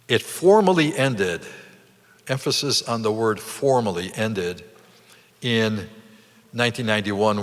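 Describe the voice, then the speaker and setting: A low-pitched man with a forceful, tense voice delivers a commemorative lecture with emphatic, deliberate phrasing and rhetorical questions. His words ring out with a long reverb tail in an event hall. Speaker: guest speaker.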